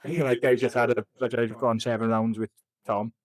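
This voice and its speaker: Young man for a podcast guest: a rambling, sweary, self-mocking storyteller with a mid-pitched voice, recorded dry and close. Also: flat delivery, brisk, no room sound, low-quality recording. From Wales. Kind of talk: casual chat.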